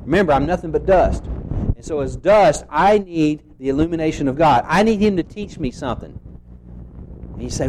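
Earnest preacher man, mellow voice. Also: fairly high pitch, expressive, a little hiss or hum, poor audio. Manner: earnest teaching, reads scripture slowly, rhetorical questions. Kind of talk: expository sermon.

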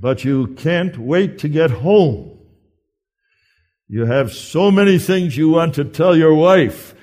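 Guy preaching, earnest and emphatic, takes his time, pauses a lot. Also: on the high side, darkish tone. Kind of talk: sermon.

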